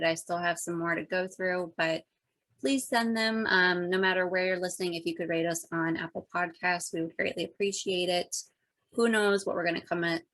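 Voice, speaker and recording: A woman's voice: on the low side, fairly bright tone. A woman co-hosting a podcast in casual, rambling chat with lots of fillers. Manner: chatty, rambling, many fillers. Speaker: podcast co-host.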